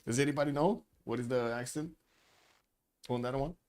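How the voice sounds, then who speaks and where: An esports caster with a mid-range, darkish voice at normal speed gives live, chatty commentary on a strategy game match. He uses lots of filler words and keeps pausing to ask his chat questions.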